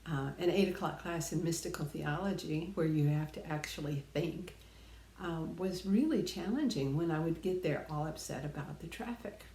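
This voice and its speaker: In an echoey room, a middle-aged woman with a low, warm voice speaks at normal speed, sharing life lessons in an earnest, reflective talk and driving points home through emphatic repetition.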